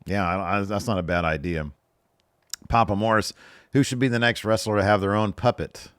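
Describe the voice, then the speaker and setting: A man's voice: lowish voice, steady tone, normal speed, a bit bright, smooth, no echo, studio quality. A man in his thirties hosting a podcast, reading viewer questions aloud and answering them in a loose, joking way. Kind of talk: casual solo Q&A chat.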